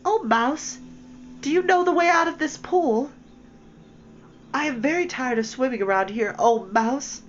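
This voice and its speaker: A woman's voice: sits high, unhurried, long pauses, voice pushed up. A woman voicing a polite, curious young girl who talks eagerly and apologizes often, for a read-aloud storybook. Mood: earnest. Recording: dull lo-fi with faint hiss.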